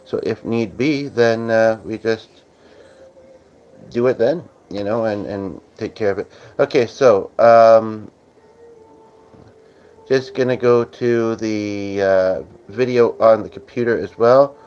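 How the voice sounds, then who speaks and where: This Canadian man hosts a casual livestream, slowly reading viewer comments aloud and rambling with lots of fillers. His voice is on the low side, darkish, clear, and resonant, though the lo-fi audio is slightly dull.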